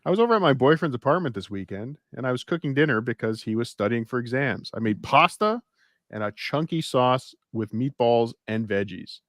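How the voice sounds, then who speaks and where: A man co-hosting a casual chat podcast at a middle pitch. He reads a story aloud and drops wry, deadpan asides, on a close, dry mic with no room sound. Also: fairly quick, no echo. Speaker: podcast co-host.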